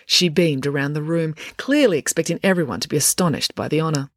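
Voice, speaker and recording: A woman reads a children's storybook aloud in a playful, expressive way. Her pitch rises and falls lively through the narration. The recording is dry and close to the mic. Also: fairly quick, few pauses, no room sound. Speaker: author and narrator.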